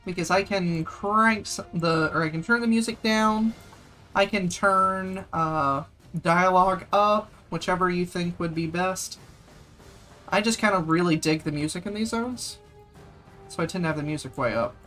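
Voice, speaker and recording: A man's voice: high-pitched, moderate pace, bright, forceful tone, soft background music. A man streaming a game, commenting in a casual, joking, chatty way and talking to his viewers.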